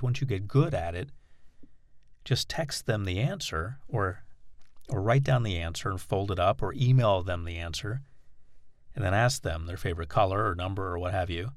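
A man's voice: fairly low pitch, no room sound, clean studio sound. A man teaching an exercise, patiently explaining it step by step with examples. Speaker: instructor. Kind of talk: instructional talk.

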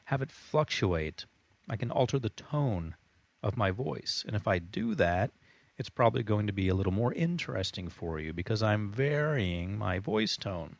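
Male hypnotherapist, deliberate instructional delivery, somewhat low voice, dry close recording. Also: creaky, dry recording. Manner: calm, deliberate, demonstrates voice changes. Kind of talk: instructional talk on self-hypnosis.

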